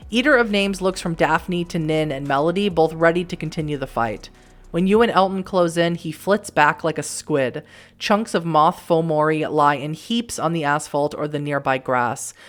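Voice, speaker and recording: A woman streaming a story game, reading its narration aloud and reacting with casual, wry asides. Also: low voice. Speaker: let's play streamer.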